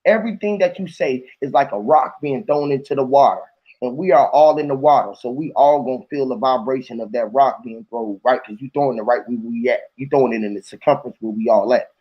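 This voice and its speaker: A man hosting a casual chat, rambling and animated, swearing freely in slangy talk. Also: medium pitch, fairly quick, breathy edge. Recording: dull lo-fi audio.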